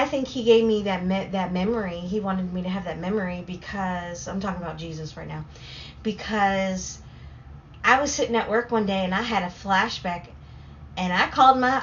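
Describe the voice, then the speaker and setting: A woman with a Southern US accent, hosting a casual story time on a livestream, rambling excitedly between reading chat comments. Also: medium pitch. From Southern United States. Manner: rambling and excitable, talks in quick bursts. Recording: slightly dull lo-fi stream audio with faint noise.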